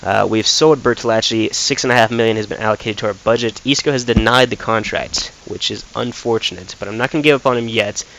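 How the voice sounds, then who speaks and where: Low-voiced American man narrating gameplay. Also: quick pace, gravelly, few pauses, a little hiss or hum, low-quality recording. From United States. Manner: relaxed, thinking aloud with frequent fillers. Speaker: gaming YouTuber. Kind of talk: casual gameplay commentary.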